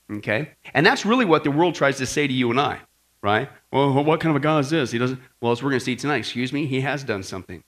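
A man's voice: fairly high pitch, pushed and bright. A man teaching a Bible class in a conversational sermon style, often asking the audience questions and acting out quoted voices.

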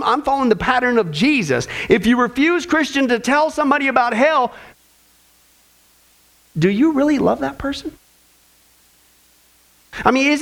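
A male preacher with a strikingly high voice delivers a fervent sermon. He leans on rhetorical questions and direct address to the congregation, pressing each point with emphasis. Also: vocal fry, a bit bright. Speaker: preacher teaching a Bible study.

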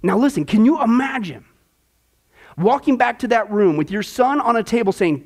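A man teaching a discipleship class, telling stories in an animated way and asking the class rhetorical questions, with humorous asides. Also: very high voice, moderate pace.

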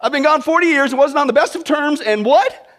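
A man putting on Moses, a flustered, doubting prophet whose voice jumps up high and rushes as he pleads and protests. The voice is far more strained and urgent than the preacher's own. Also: fairly bright tone. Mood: pleading. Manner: pleading, rapid, exasperated.

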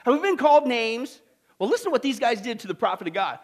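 A pastor preaches an animated, folksy sermon, acting out voices and tossing asides to the congregation. His voice is extremely high-pitched and he talks fast.

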